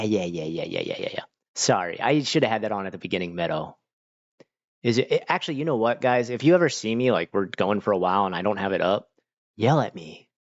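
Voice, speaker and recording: This young man from Florida, his voice on the low side, chats casually on a home livestream while reading chat. His reactions are full of fillers, and he becomes animated when quoting others. No room sound is audible, and the highs are cut off.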